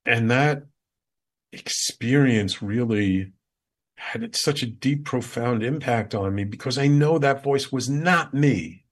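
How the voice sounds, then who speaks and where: A man's voice: mid-range voice, slow. A man hosting a show, earnestly telling a heartfelt personal story with repeated emphasis. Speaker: show host.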